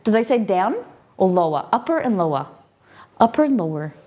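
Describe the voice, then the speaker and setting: Here a woman speaks a little fast at medium pitch. She's live on stream, curiously examining a collection and chatting with viewers in a casual unboxing, peppering it with questions and excited outbursts.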